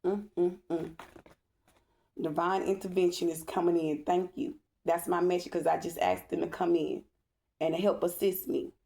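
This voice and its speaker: A woman's voice: lowish voice, little pitch movement, normal speed, creaky, mellow. A woman reading tarot cards in a spiritual vlog, talking bluntly and emphatically, swearing freely and asking "okay?" over and over. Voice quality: emphatic, repeats "okay?" often. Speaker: tarot reader.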